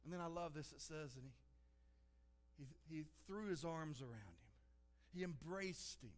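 Brief: male pastor, high-pitched, earnest conversational preaching, long church reverb. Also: animated, normal speed. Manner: earnest, conversational, repeats "listen" for emphasis. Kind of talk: sermon. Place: church sanctuary.

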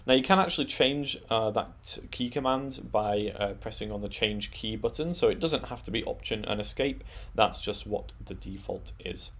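A man presenting a tech tutorial, talking through settings in a relaxed, explanatory way with frequent "um" and "uh". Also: lowish voice, moderate pace, hardly any pauses. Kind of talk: screen-recorded software walkthrough.

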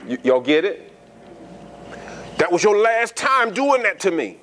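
A man's voice: sits high, very animated, a little slow, fairly bright tone, slight background noise. A man preaching a sermon in a conversational style, asking the congregation frequent rhetorical questions and repeating words as he restarts. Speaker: pastor.

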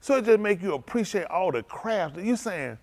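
Conversational man preaching with loud swells. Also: very animated, normal speed. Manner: conversational preaching that swings from low murmurs to loud exclaiming; speaks in informal, vernacular English. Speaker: pastor. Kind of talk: sermon.

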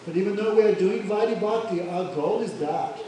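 A man's voice: high voice, brisk. A man giving a devotional lecture, telling sacred stories and acting out the characters' voices. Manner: animated, acts out characters' voices. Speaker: spiritual teacher. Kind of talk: devotional lecture with acted storytelling. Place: lecture hall. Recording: echoey hall, far mic, crowd.

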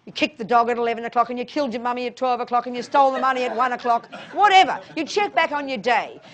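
A middle-aged woman talks bluntly and emphatically, answering an audience's questions about Buddhist practice. She slips endearments such as darling and honey into her points. Her voice sits a little high for a woman. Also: fast talker. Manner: frank, emphatic, calls listeners darling and honey. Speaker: Buddhist teacher. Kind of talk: informal dharma talk answering questions.

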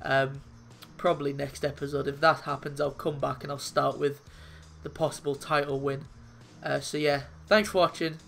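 A man's voice: on the high side, flat delivery, normal speed, creaky, fairly bright tone, soft background music. A man commentating live on his own football video game, emotional and swearing heavily when frustrated. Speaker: gaming YouTuber.

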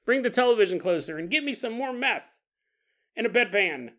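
A lazy, middle-aged meth-head stepdad moans and whines in a high, bright voice, as a man puts him on for a comic retelling. He sounds pitiful and demanding at once. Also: lively intonation, fairly quick. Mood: whiny. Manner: whining, moaning complaints.

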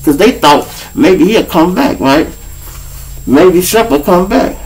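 Animated Chicago man telling street stories. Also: high voice, measured pace, pauses often, rough recording. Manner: animated storyteller, acts out voices, profane. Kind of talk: casual storytelling.

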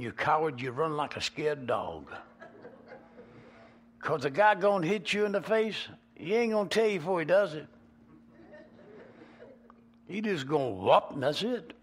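A man with a Georgia Southern accent, preaching a sermon as a pastor and telling folksy stories with animated swings in volume. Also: on the high side, a little slow, long pauses. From Georgia, USA. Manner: animated, folksy, swings between loud and soft.

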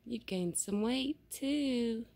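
A woman talking baby talk to a raccoon she is feeding, softly calling and coaxing it at an open door at night. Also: on the high side, slow pace, no room sound. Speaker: vlogger feeding a wild raccoon. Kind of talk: casual cooing to an animal.

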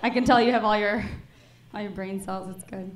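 A woman's voice: medium pitch, fairly even intonation, a little fast, slight background noise. A woman from Chicago performing a stand-up comedy set in a comedy club, teasing the audience. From Chicago, USA. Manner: crowd work, teasing the audience. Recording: roomy club recording.

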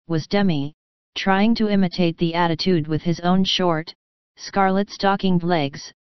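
Brief: female audiobook narrator, measured storytelling, crisp voice, dull close recording. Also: fairly low pitch, no room sound. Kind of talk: scripted narration of a classic novel.

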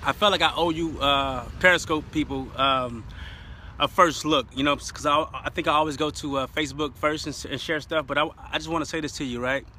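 A man's voice: on the high side, steady tone, fairly quick, slight background noise. A man preaching on a phone live stream, talking casually to viewers and building up to fervent, declarative praise. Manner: fervent, rising to shouted praise.

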